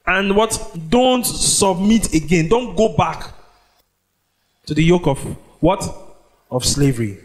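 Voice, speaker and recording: A man preaching a sermon, leading the congregation in call-and-response and drawing out scripture phrases slowly. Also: high voice, expressive. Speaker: pastor. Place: church.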